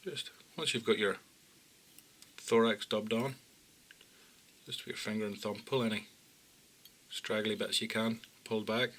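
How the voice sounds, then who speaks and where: Calm man giving fly-tying steps. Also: a little slow, long pauses. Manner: calm, plain instructions, often low and quiet. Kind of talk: step-by-step tutorial narration.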